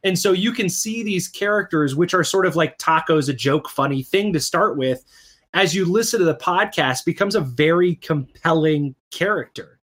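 A man with a slightly higher voice talks in a loose, chatty podcast style. He explains things at length, peppering his talk with "like" and "right?". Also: moderate pace, fairly bright tone. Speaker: podcast co-host. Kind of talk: casual chat about comics and games.

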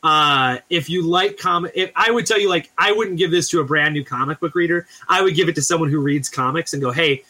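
A man's voice: fairly high pitch, fairly quick, hardly any pauses, pushed and bright. A man who teaches school, co-hosting a casual comics podcast and telling rambling stories. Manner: rambling storyteller, acts out quotes. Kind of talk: casual chat.

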